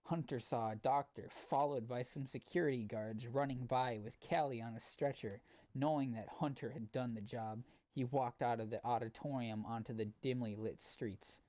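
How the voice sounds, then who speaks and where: A man with a medium-pitched, slightly mellow voice reads fan fiction aloud as a comedic dramatic reading, adding sardonic asides and often stumbling over the text.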